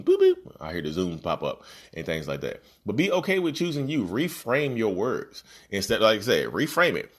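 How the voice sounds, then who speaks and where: A man hosting a podcast who gives casual, earnest self-help advice, repeating his points and calling his listeners "y'all.". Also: sits low. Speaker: podcast host. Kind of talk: casual motivational talk. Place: home, about to join a video call.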